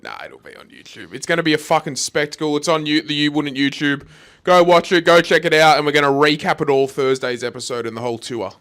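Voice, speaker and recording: A man's voice: on the high side, fast, clear, resonant tone. A man co-hosting a podcast, in loose casual chat full of swearing and matey banter. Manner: swears freely, lively and matey. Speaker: podcast co-host.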